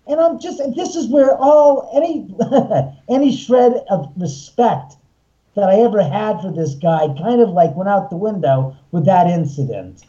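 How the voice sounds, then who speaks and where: A man's voice: sits high, animated, normal speed, dark tone. Heated, emphatic man on a muffled line. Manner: emphatic, heated retelling with acted-out quotes and cursing. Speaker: guest, haunted house owner. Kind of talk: animated storytelling on a phone-in show.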